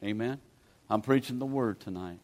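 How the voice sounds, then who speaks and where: A man's voice: on the low side, normal speed, a little mellow. A man, preaching a sermon in a folksy, pleading, conversational way as a guest preacher. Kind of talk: sermon with altar call.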